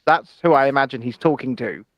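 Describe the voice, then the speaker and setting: A man's voice: medium pitch, brisk, no echo, lo-fi sound. A man co-hosting a casual news chat show, talking in an opinionated, chatty way with hedging asides. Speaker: co-host.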